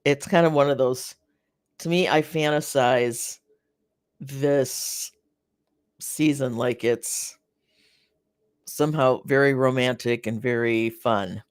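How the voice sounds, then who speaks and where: A North American host runs a live garden chat, speaking casually and reading out viewer comments in a rambling, halting manner full of fillers and restarts, sympathetic to the viewers. The voice is mid-range with fairly even intonation and a clean tone, recorded in a clean studio with no room sound.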